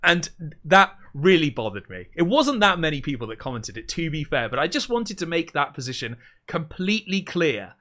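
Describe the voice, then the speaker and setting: A man hosting a casual livestream, talking in a dry, deadpan way and rambling as he thinks aloud. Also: on the high side, normal speed. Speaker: livestream host.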